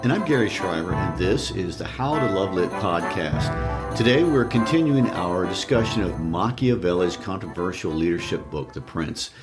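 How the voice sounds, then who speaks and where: Low-voiced man co-hosting a book podcast. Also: lively intonation, moderate pace, over loud music. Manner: thoughtful, explanatory, with frequent fillers. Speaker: podcast co-host. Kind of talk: casual literary discussion.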